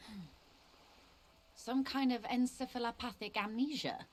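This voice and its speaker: A woman's voice: fairly high pitch, unhurried, close to an everyday voice. An actress voicing a composed, formal woman negotiator in a video game. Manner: polite, crisp, composed.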